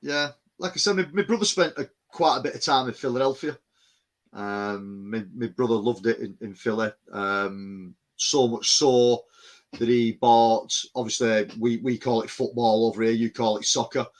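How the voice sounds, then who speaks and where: A man's voice: mid-range voice, moderate pace. Rambling man chatting. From England. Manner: rambling, many restarts and "you know what I mean". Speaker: podcast host. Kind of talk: casual chat.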